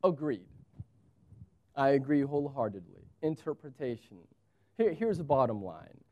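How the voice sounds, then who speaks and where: A man in his thirties, a pastor preaching a sermon with animated storytelling and wide swings in pitch. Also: moderate pace, lo-fi sound.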